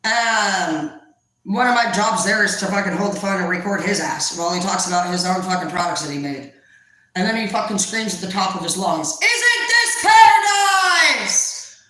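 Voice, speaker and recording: Young woman tarot reader, crude and rambling, bright tone, very echoey room. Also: on the low side, fairly quick. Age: young adult. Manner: profane, blunt, rambling. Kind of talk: casual vlog reading.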